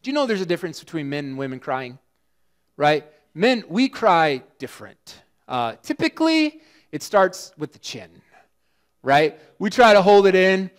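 A middle-aged male pastor preaching a sermon in an animated, conversational way with lots of fillers. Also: a little high, normal speed. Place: church sanctuary.

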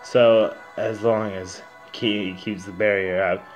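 Man doing a stern noble prince, deep voice, slow solemn delivery, game dub style. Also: steady tone, muffled recording, soft background music. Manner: low, measured, solemn storytelling. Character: stern noble older-brother prince, grave.

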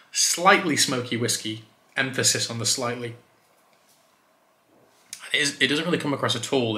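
Chatty male whisky vlogger, bright and roomy. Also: medium pitch. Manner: chatty, relaxed, loose with fillers. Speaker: whisky reviewer and retailer. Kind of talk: casual review vlog. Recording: roomy echo.

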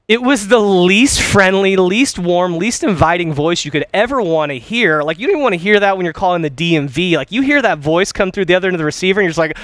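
Male practice consultant, young, high-pitched, lively and chatty, demonstrates phone lines, crisp tone. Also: brisk, no echo. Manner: energetic, conversational, acts out sample phone calls. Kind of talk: course talk on phone skills.

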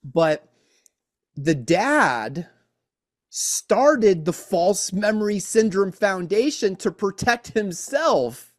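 A man's voice: high voice, big pitch swings, very slow. A man hosting a podcast in casual chat, earnest and often repeating himself, saying "man" a lot. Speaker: podcast host.

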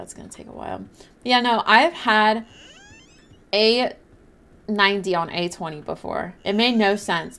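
A woman's voice: medium pitch, fairly bright tone, slight background noise. A young woman livestreaming a game, chatting casually and apologetically while reading and thanking her chat. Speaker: livestreaming gamer.

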